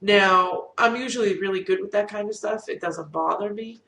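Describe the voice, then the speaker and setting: A middle-aged woman with a cold tells a rambling, self-deprecating story straight to camera. Her voice carries a gravelly fry. She sits well back from the mic in a roomy, echoing space. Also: mid-range voice, moderate pace, bright, forceful tone. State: has a cold. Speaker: vlogger. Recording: roomy echo, distant from mic.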